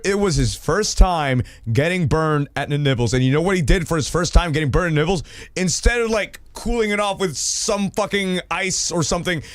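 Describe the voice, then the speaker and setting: A young man hosting a stream, reading viewer stories aloud in a loud, excitable way, swearing and laughing. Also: high voice, no room sound. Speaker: streamer host.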